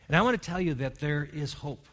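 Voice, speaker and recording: A man's voice: on the high side, expressive, a little fast, a bit bright. A man preaching a sermon as pastor, earnest and pastoral, leading his congregation in prayer and reading. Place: church hall.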